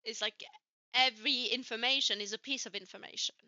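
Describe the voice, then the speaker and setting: A woman's voice: a little high, steady tone, a little fast, pushed and bright, dry recording, highs cut off. A woman from Switzerland with a light Swiss French accent, co-hosting a casual chat and swearing freely as she acts out the people in her stories. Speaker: podcast co-host.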